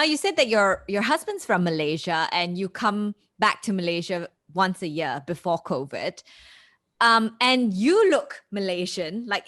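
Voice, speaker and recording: A woman's voice: mid-range voice, a bit bright. A woman hosts a breakfast radio show in a mid-range voice. She keeps it casual and probes her guest with direct, curious follow-up questions.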